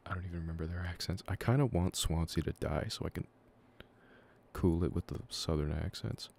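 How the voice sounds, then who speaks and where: A man's voice: low voice, brisk, vocal fry, warm tone, a little hiss or hum. A young man casually chatting to his stream audience as he plays through a story game and reads its dialogue aloud.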